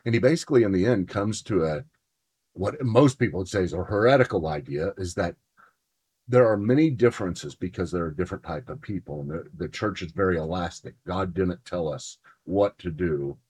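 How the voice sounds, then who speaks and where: A man with a low voice and a husky, slightly rough texture hosts a podcast. He chats about theology in an earnest, conversational way, partly reading from notes and building to firm, emphatic points. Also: a little fast, darkish tone. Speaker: podcast host. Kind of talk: casual theology chat, partly read from notes.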